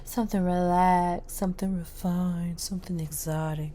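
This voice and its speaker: A woman in her thirties giving a casual comedic rant to camera, blunt and profane, jumping from loud outbursts to hushed asides and stretching words out for emphasis. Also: lowish voice, normal speed, few pauses, breathy edge. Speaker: vlogger.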